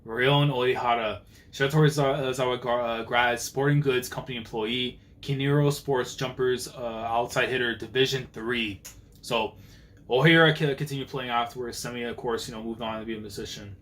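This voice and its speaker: Voicing the characters' lines as he reads, a young man works through a manga chapter with live, slangy, excitable reactions. He speaks at a medium pitch and a normal speed.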